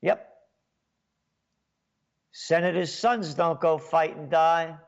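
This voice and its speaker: A man ranting sarcastically as a commentator, scornful, with sudden bursts of loud speech. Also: on the high side, slow pace, vocal fry. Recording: dull lo-fi sound.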